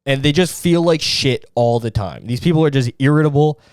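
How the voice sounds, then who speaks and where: A man's voice: medium pitch, fairly quick, smooth, no echo, clean studio sound. A young man hosting a solo podcast, ranting in an exasperated, profane way about other people's habits. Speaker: podcast host.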